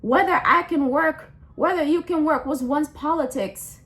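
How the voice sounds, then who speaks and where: A woman's voice: high-pitched, moderate pace, fairly bright tone. A young adult woman in a blunt, impassioned rant, slangy and full of repeats and restarts. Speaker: vlogger. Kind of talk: casual ranting monologue.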